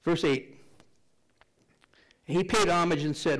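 A man's voice: fairly high pitch, fairly even intonation, normal speed, pauses often. An older man preaching a sermon to his congregation in a conversational, joking way. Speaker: pastor.

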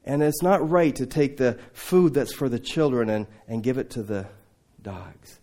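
A man voicing a calm, gentle Jesus as he retells a gospel scene in a sermon. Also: medium pitch, unhurried, pitched below the performer's own voice, close to an everyday voice.

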